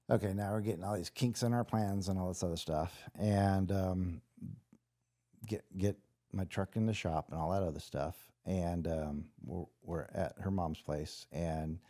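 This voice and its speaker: A middle-aged man from Los Angeles, a former special operations soldier, tells his story as a guest in a casual, rambling interview. His lowish voice has a warm tone, and he restarts often and acts out the voices of people he quotes.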